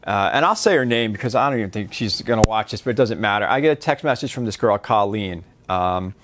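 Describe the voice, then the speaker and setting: A man's voice: on the low side, expressive, quick pace, noisy background. A man coaching on dating, telling a story to camera in a loose, rambling way with many fillers.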